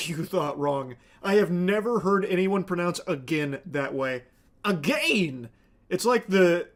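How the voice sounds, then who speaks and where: A man hosting and commenting on a clip, ranting in a sardonic, profane way. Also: fairly high pitch. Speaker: host.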